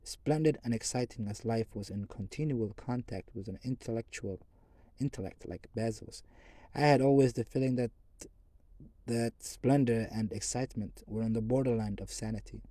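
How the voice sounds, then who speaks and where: A man reading a story aloud in first person, measured, with the occasional stumble and restart. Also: medium pitch, warm tone, no room sound. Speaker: audiobook narrator. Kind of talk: first-person audiobook narration.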